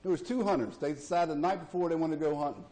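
A man's voice: on the high side, fast talker, dark tone. A middle-aged man, preaching a sermon in a folksy, plainspoken way and acting out the voices in his stories. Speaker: pastor. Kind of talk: sermon with storytelling.

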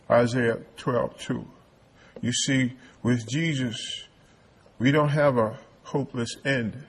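Husky guy preaching slow, keeps repeating himself, reads old-style bible verses. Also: medium pitch, fairly even intonation. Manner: repetitive, stammering delivery; quotes King James scripture. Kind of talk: sermon.

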